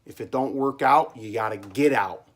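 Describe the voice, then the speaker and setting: A man of middling pitch talks straight to the camera from his cellar, a small business owner sharing hard-won lessons. He rambles and repeats himself, driving points home with emphasis. He keeps checking in with a quick "okay?". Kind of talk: casual monologue vlog.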